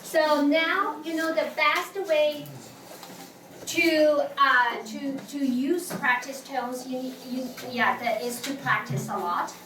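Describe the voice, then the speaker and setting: High-pitched, unhurried woman teaching tones. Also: pushed and bright. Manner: patient, demonstrating tones aloud, with frequent fillers. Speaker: Chinese language teacher. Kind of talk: classroom teaching. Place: classroom. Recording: echoey room from far off, noisy.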